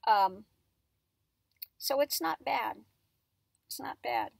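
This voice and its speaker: A tarot reader, a woman, chatting casually at home in a rambling way and cooing softly to her dog in between. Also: fairly high pitch, expressive, takes it slowly, vocal fry, dry recording. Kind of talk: casual chat.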